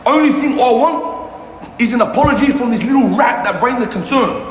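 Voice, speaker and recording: High-voiced man ranting, echoey. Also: animated, a little fast. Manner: passionate, profane, repetitive. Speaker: youth mentor livestreaming. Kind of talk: casual livestream rant. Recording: echoey room with long reverb, faint noise.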